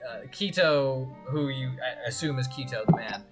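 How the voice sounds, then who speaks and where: A game master narrating a tabletop game in a halting way, with many fillers and restarts. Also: medium pitch, soft background music.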